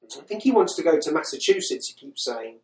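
A man's voice: a little high, sing-song, brisk, reverberant, poor audio. A man hosting a podcast, recapping a film in casual chat with exasperated, sweary incredulity. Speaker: podcast host.

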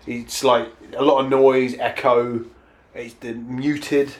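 A man with a middle pitch chats casually about a bad film. He agrees often and keeps his points loose and conversational. The delivery is relaxed and friendly in tone. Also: slow. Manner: chatty, often repeats "yeah". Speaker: podcast co-host. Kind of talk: casual film review chat.

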